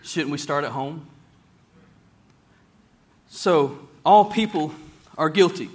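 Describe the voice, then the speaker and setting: A man with a slightly high voice preaches a sermon in church, plain-spoken and folksy. He slows down whenever he reads scripture aloud.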